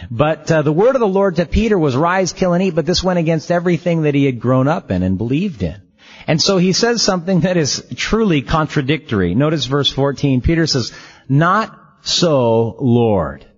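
A man preaching a sermon, telling the story in a lively, conversational way. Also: a little high, a little fast. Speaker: pastor. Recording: slightly dull lo-fi sound.

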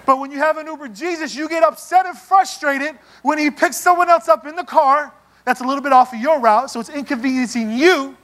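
A man preaching a sermon in a church, animated and playful, acting out little scenes as he goes. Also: very high-pitched, fairly quick. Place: church sanctuary.

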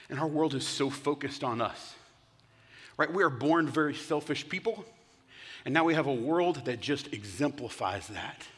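Bright-voiced preacher in an echoing hall. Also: male voice, a little high. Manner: conversational, with rhetorical questions. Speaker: worship pastor preaching. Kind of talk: sermon. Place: church sanctuary.

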